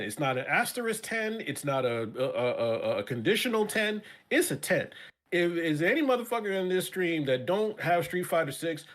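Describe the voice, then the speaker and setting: Man, stream guest, impassioned rant, repetitive, swears, animated pitch. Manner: passionate ranting, repetitive, profane. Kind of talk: casual stream chat.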